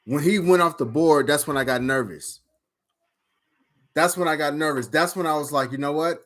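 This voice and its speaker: A man casually recapping a fantasy draft, rambling and swearing with lots of fillers and outbursts. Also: medium pitch. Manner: rambling, profane, animated storytelling with frequent fillers. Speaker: fantasy football league member.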